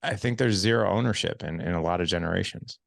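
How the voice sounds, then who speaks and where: A man's voice: sits low, fast talker, gravelly, a bit bright, no room sound, clean studio sound. A man in his forties hosting a podcast conversation, talking in an earnest, reflective way and often restarting or repeating words as he thinks. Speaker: podcast host.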